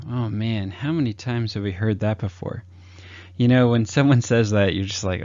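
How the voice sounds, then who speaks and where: A man's voice: fairly low pitch, moderate pace, a little mellow, dry recording. A man giving casual talk-style advice on conversation, chatty and loose with many fillers, acting out upbeat sample greetings. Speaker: communication advice host. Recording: dull lo-fi dry recording.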